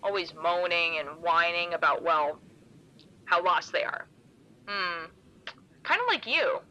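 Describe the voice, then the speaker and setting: A mocking shadow creature from a horror audio drama, which a woman puts on. It teases in a sing-song, theatrical way, its voice swinging up and down. The sound is bright and comes through a thin, phone-like filter. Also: on the low side, animated, slow pace, heavily acted. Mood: teasing. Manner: playful, teasing, sing-song.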